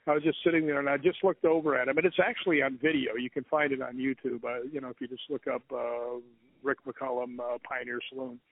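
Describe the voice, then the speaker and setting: A man, a guest who hunts ghosts, tells a rambling, animated story and acts out the other people's lines. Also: mid-range voice, no echo. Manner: rambling, animated retelling with quoted dialogue. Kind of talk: casual storytelling interview. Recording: tinny phone line, dry.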